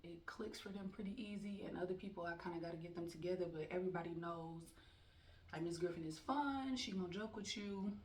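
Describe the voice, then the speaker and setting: A woman teacher telling stories about her classroom rules in a frank, animated, casual way, quoting her students and herself. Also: on the low side, fairly quick. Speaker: teacher and vlogger. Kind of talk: casual storytelling monologue. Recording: echoey room from far off with faint background noise.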